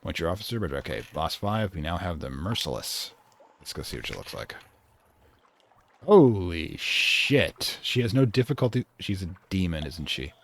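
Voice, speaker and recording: A man's voice: low-pitched, very animated, moderate pace, vocal fry, fairly bright tone. A man hosting a let's play, casually thinking aloud and reading game text.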